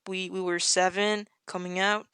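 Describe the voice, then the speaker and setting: A woman, a podcast guest, tells a story in a casual chat and acts out the quotes with sudden leaps in pitch. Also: level tone, normal speed, a bit bright, clear, resonant tone, no room sound, clean studio sound.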